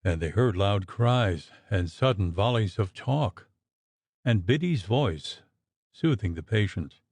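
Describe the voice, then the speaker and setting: A man narrating a gothic audiobook in a measured, expressive storytelling manner. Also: fairly low pitch, dry recording.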